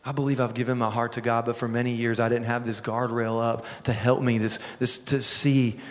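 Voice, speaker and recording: A man's voice: medium pitch, level tone, brisk. Man preaching with playful humor in a reverberant hall. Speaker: pastor. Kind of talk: sermon.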